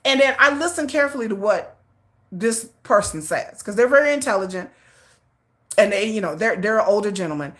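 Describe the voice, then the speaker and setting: A middle-aged woman hosting a casual livestream, rambling with restarts and repeats in an animated way. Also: medium pitch, a little fast. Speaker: livestream host.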